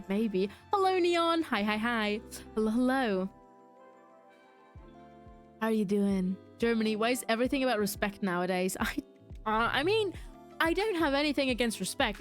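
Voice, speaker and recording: A young adult woman streaming a game, rambling in casual chat, answering her viewers and laughing often. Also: a little high. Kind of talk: casual chat while gaming, reading chat aloud.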